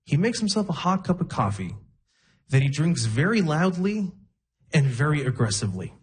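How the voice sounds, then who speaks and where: A young man doing a stand-up set, telling wry, self-deprecating stories and slipping into quick character voices. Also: fairly high pitch, sing-song. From Arab region. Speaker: stand-up comedian. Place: comedy stage with a laughing audience.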